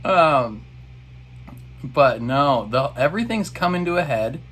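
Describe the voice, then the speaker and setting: A man's voice: mid-range voice, very animated, moderate pace, fairly bright tone, slightly rough, soft background music. A man in a casual reaction video, recapping an episode in a rambling, exasperated way.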